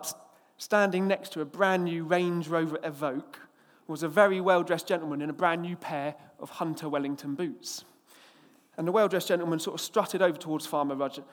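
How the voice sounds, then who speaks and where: A male preacher from England tells a lively anecdote, acting out its characters before moving into scripture. His voice sits a little high. It carries a long reverb, as if spoken in a large hall. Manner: storytelling, lively and expressive, acts out the characters. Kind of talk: sermon with an opening anecdote.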